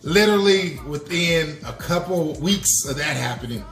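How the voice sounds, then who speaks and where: A man tells a long personal confession on his podcast, talking in loose street slang and turning to the listeners with "y'all". His voice sits a bit high for a man. The room is echoey, with faint music underneath. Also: animated, moderate pace, fairly bright tone. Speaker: podcast host. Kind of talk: storytelling confession.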